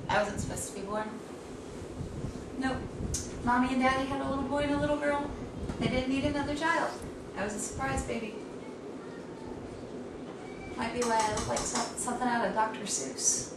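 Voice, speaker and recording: A woman's voice: high voice, normal speed, long pauses. Quirky woman rambling at home, far from the mic, noisy and roomy. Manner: quirky, meandering, self-deprecating. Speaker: vlogger. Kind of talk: rambling casual chat to camera. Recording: echoey room, distant mic, noisy background.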